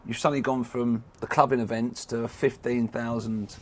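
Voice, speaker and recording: A man hosting a podcast, asking questions in a casual interview and often putting in quick yeahs. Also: mid-range voice, little pitch movement. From England. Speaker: podcast host.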